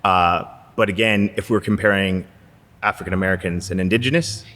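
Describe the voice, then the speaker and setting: A man hosting an interview, attentive and steady, backing his guest with frequent affirmations. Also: low-pitched, brisk. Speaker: podcast host. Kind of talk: conversational interview. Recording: reverberant room.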